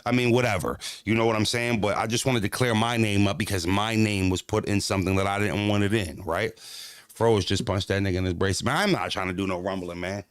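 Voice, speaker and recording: Animated streamer man, dry close mic. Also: on the low side, a little fast, clean tone, dry recording. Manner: animated, profane street slang, talks back to chat. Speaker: streamer reacting to chat. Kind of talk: casual livestream talk.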